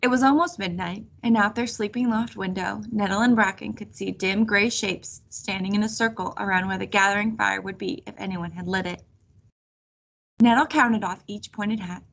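A woman reading a children's chapter book aloud in a steady storytelling manner. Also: mid-range voice, normal speed, vocal fry. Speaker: reader.

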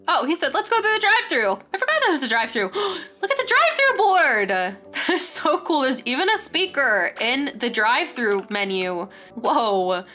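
A young woman hosting a game tour, gushing with excitement and saying "very, very" over and over as she chats casually. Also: on the high side. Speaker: gaming channel host. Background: faint background music.

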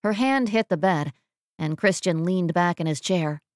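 A woman narrating a romance audiobook in a measured, emotive reading on a close mic. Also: fairly low pitch, lively intonation, dry recording. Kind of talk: scripted narration.

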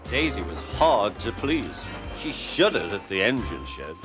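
A man narrating a children's storybook in an expressive, gentle way. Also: lowish voice, unhurried, hardly any pauses. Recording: background music.

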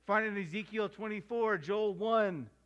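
A middle-aged male pastor preaching a sermon, slowing down to stress the verses he quotes and acting out household scenes in voices. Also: high-pitched, a bit bright, muffled recording.

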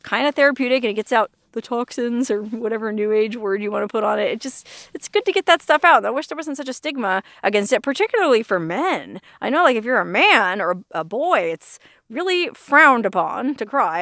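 A woman's voice: fairly high pitch, animated, fairly quick, fairly bright tone, no echo, clean studio sound. A woman talking to camera outdoors in the desert, chatty and earnest, laughing often and using folksy exclamations. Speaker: vlogger. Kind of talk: casual outdoor vlog monologue. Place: outdoors in the desert near Las Vegas.

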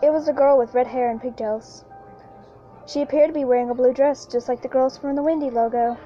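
A woman narrating a first-person horror story in a halting way, with frequent restarts and repeated lines. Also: high-pitched, fairly even intonation. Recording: lo-fi with faint background music.

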